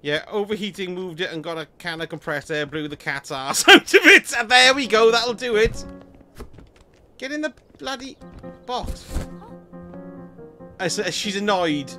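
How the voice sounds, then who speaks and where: A man's voice: high voice, animated, normal speed, hardly any pauses, sharp tone, soft background music. A man giving cheeky, chatty commentary while playing a game on a live stream, swearing and laughing often. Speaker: gaming streamer. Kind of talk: casual let's-play commentary.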